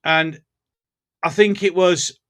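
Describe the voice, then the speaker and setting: Chatty Black Country man hosting a live stream, bright voice pitched a little high, jokey and laughing a lot. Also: fairly even intonation, takes it slowly. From English Black Country. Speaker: livestream host. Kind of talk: casual live chat reading comments.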